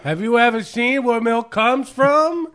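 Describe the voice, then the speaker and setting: A man's voice: very high voice, measured pace, fairly bright tone. A man narrating a food challenge play-by-play in an amused, joking way. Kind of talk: casual commentary on a food challenge.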